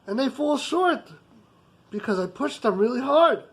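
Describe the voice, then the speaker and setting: A man's voice: very high-pitched, animated, a little slow, husky, exaggerated voice, rough recording. A man voicing a rich, hot-tempered business boss who talks in an intense, emphatic way.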